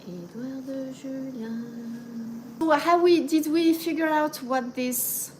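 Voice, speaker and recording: Middle-aged woman, French accent, easygoing chatty host mixing in French and Japanese words, slow delivery, slightly high voice. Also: fairly even intonation, a little mellow, a little hiss or hum, poor audio. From France. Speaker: channel host. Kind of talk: casual livestream chat.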